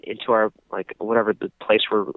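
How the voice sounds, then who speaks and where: A man's voice: on the low side, little pitch movement, brisk, gravelly, no room sound. Young man, casual podcast chat, rambling with lots of fillers, tinny phone-line sound, dry. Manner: rambling storytelling, many fillers and restarts. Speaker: podcast co-host.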